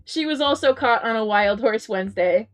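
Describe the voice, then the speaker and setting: A woman's voice: fairly high pitch, animated, moderate pace. A woman streamer chatting casually with her viewers, reading out chat messages, giggling often and restarting her sentences with lots of ums. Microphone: headset mic. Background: faint game music.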